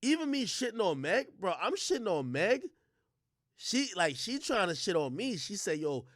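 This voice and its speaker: A man's voice: high voice, very animated, normal speed, fairly bright tone, no room sound, clean studio sound. A man hosting a livestream, ranting in a heated, profane way and stumbling over filler words and restarts. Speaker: livestream host.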